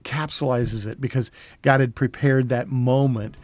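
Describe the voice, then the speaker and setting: Man, interview host, affirming questions, medium pitch, dry sound. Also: fairly even intonation, unhurried, no echo. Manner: warm, affirming, faith-centered questions. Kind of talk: conversational interview.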